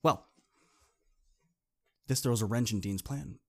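A man's voice: mid-range voice, slow, fairly bright tone. A man hosting a podcast, telling a second-person story in a casual, conversational way. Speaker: podcast host.

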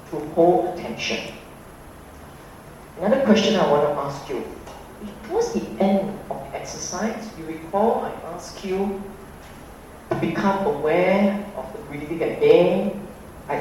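A man teaching a meditation class, unhurried and emphatic with playful asides. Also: high voice, a little mellow, slight background noise. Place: hall with an audience. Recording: roomy hall, voice from a distance.

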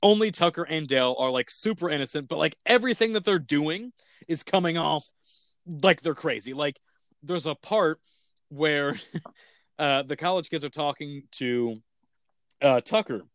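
A man's voice: a little high, normal speed, no room sound, studio quality. A man hosting a casual podcast, talking enthusiastically and rambling with tangents. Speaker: podcast host reviewing films. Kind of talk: casual chat.

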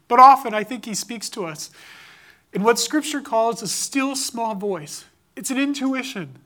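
Earnest and impassioned, an adult father shares a personal story about his son in a sermon-like testimony. He speaks in a very high, somewhat bright voice.

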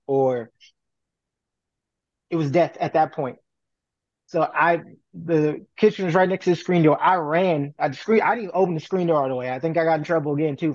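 Animated profane man telling a story. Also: fairly high pitch, no echo, lo-fi sound. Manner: animated, profane, acts out quoted voices. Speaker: podcast co-host. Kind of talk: casual storytelling.

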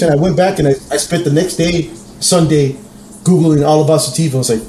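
A man telling a story in a casual podcast chat, animated and profane, acting out the quotes. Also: fairly high pitch, brisk, echoey room, crowd noise. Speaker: podcast co-host.

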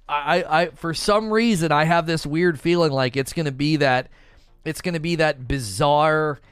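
A man in casual gaming chat as a YouTuber host, laughing often and repeating phrases. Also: mid-range voice.

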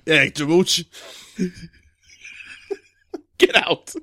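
A man improvising a gruff, blustering police chief who barks crude threats at his detectives. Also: on the high side, fairly even intonation, drawn-out words, sharp tone, no echo, clean studio sound, heavily acted. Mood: barking. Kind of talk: improvised comedy role-play.

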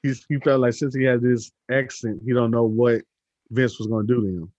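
A man's voice: mid-range voice, fairly even intonation, fairly quick, darkish tone, dry recording, highs cut off. Laid-back man chatting about wrestling. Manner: reads news quotes aloud, easygoing. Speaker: podcast co-host. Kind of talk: casual wrestling chat.

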